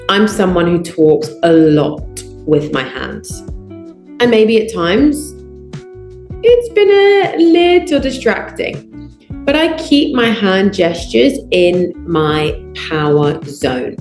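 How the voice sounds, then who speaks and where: Female speaking coach, lower register, slow and deliberate, emphatic list-style delivery; roomy echo. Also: lively intonation, darkish tone, soft background music. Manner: emphatic, builds lists of short punchy phrases. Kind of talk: online training lesson.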